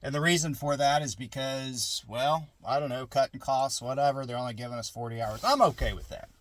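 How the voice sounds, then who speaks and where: A man's voice: mid-range voice, brisk. A middle-aged man vlogging from a parked car in his garage, musing in a rambling, casual way with restarts and asides.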